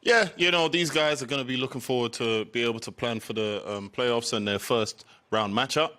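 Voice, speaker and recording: A man giving post-game basketball analysis, chatty and enthusiastic, getting excited over big plays. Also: mid-range voice, fairly quick. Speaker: basketball pundit.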